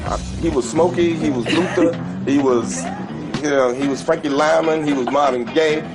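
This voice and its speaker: A man's voice: a little high, moderate pace. A man in an interview recalling performing together with a colleague, fondly reflective. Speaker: interviewee, co-star. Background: music.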